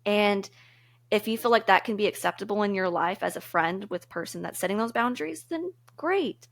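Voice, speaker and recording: A woman's voice: mid-range voice, expressive, normal speed, vocal fry. A woman co-hosting a podcast, talking through relationship advice in a casual, earnest, reflective way and laughing easily. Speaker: podcast co-host.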